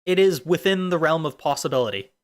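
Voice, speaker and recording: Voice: medium pitch, lively intonation, quick pace. A streamer in casual chat, rambling off into silly tangents.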